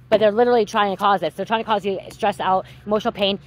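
A woman's voice: medium pitch, steady tone, racing, low-quality recording. A woman in her thirties or forties, a tarot reader venting in a casual vlog, swearing and tagging "okay?" onto her sentences.

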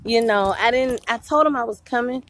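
A woman, chatting excitedly to her viewers while driving, a little out of breath and laughing often. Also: on the high side, brisk. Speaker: vlogger and mom. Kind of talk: casual vlog talk to viewers. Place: inside a car while driving. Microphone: handheld phone camera.

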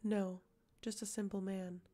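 A woman's voice: mid-range voice, flat delivery, a little slow, dark tone, natural voice. A woman breathing as a hollow, eerie young woman. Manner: dead, hollow, breathy and toneless.

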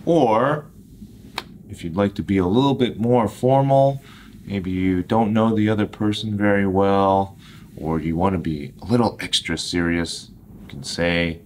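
A man with an American accent teaching everyday English phrases, speaking clearly and deliberately and acting out example lines. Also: low voice, a little hiss or hum.

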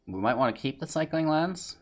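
A man's voice: a little high, lively intonation, a little fast, faint music behind. A man giving casual gameplay commentary and a rambling channel outro, tired and a bit out of breath, with lots of fillers. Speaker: gaming YouTuber and streamer.

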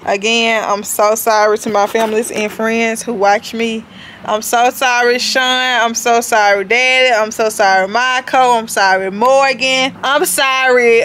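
A woman's voice: on the high side, a bit bright. A young woman vlogger talking casually to camera, playful and slangy, laughing easily. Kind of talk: casual vlog talk to camera.

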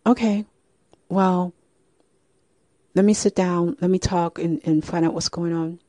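A woman voicing a calm, concerned aunt who offers to sit down and talk. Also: fairly low pitch, a little slow, no echo, lightly acted. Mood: reassuring.

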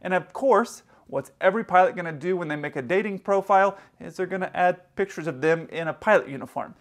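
A man's voice: sits high, a little fast. A man who works as an airline pilot, casually telling a joking, rambling anecdote to camera. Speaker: airline pilot and video host.

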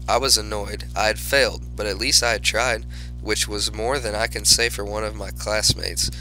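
Sharp-toned man narrating a storybook. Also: on the low side, poor audio. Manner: animated, lively exclamations. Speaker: audiobook narrator. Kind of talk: first-person storybook narration as a class pet hamster.

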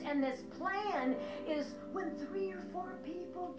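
A woman's voice: very high voice, slow, few pauses. A woman minister solemnly recounting a prophetic dream, repeating lines for emphasis. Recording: echoey with music behind.

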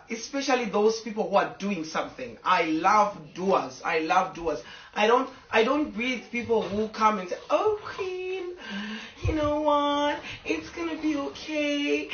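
A social media personality talks to her fans in a casual, emotional, rambling live video from her home with a fireplace, pausing now and then to tell her dogs to sit down. Her mid-range voice has a fairly bright tone. She's recorded from a distance in an echoey room, with lo-fi sound and slight background noise.

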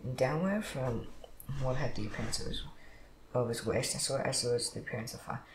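A man reads scripture aloud quickly, with a gravelly edge to his voice. The room is echoey and a steady background noise runs underneath. He stumbles and restarts now and then. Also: medium pitch. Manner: steady reading with slips and restarts. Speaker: Bible reader.

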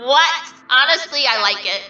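A woman's voice: high-pitched, lively intonation, moderate pace, bright, forceful tone, reverberant, distant mic, dull audio, soft background music, exaggerated voice. A woman voicing a vain, mischievous male triangle dream demon who reacts to fan art in a smug, theatrical, mock-offended way.

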